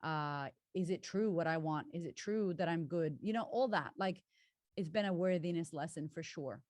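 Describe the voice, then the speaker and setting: A woman's voice: fairly low pitch, moderate pace, a little mellow, no echo. Woman, candid, swears a lot, emphatic storyteller, dry close sound. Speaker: guest, confidence coach. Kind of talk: candid casual conversation.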